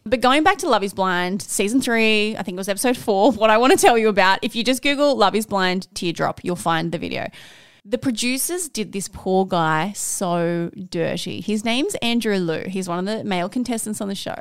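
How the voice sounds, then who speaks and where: A young woman co-hosting a podcast, telling stories in a lively way, acting out what people said and swearing now and then. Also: medium pitch, moderate pace, smooth, no room sound, studio quality. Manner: animated storyteller, acts out quotes, swears. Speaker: podcast co-host. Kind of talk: casual chat.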